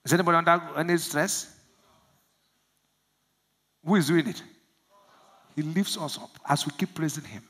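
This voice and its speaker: Nigerian pastor preaching, high bright voice, drops low then shouts, keeps asking the crowd to answer back. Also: male voice, normal speed, pauses often, husky. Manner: preaches with call-and-response questions, swinging from low murmurs to loud shouts. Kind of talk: sermon. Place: church service.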